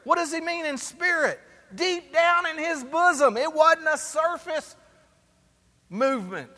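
A man's voice: very high voice, lively intonation, measured pace, bright, forceful tone, in a large hall. A man, the pastor, preaching a sermon and asking the congregation for responses as he goes. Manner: preaching with call-and-response asides.

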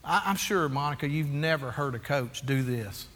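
A man in his forties preaches with a bright, forceful, fairly high voice. He is animated and self-deprecating, acts out little scenes and calls for amens. The sound carries a long, echoey hall reverb. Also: moderate pace. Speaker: pastor. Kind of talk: sermon.

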